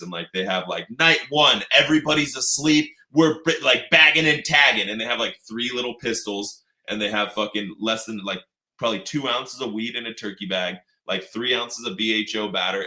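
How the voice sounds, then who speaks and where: A man's voice: on the low side, steady tone, a little fast, bright, forceful tone, reverberant. A man co-hosting a podcast in casual chat, rambling and swearing, mocking the people he quotes in put-on voices. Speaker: podcast co-host.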